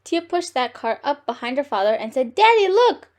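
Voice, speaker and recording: A woman reads a children's story aloud with lively, expressive delivery. Her voice sits a bit high, and she leans into the telling like a storytime host. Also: fairly quick. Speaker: storytime reader.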